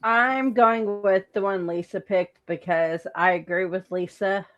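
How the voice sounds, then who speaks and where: A woman co-hosting a podcast in casual chat, speaking slowly and wistfully. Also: mid-range voice, steady tone, fairly bright tone, lo-fi sound. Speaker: podcast co-host.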